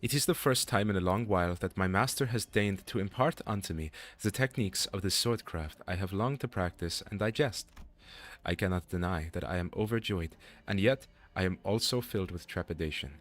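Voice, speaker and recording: A man's voice: sits low, a little fast, natural voice. A man voicing a humble young male sword pupil with a put-on French accent, reading game dialogue aloud in formal, old-fashioned phrasing. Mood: solemn.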